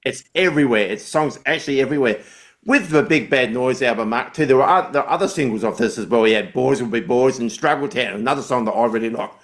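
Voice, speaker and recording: A man's voice: medium pitch, fast talker, fairly bright tone. A man hosting a music interview, enthusiastic and repeating himself as he sets up questions. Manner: enthusiastic, repetitive. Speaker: host.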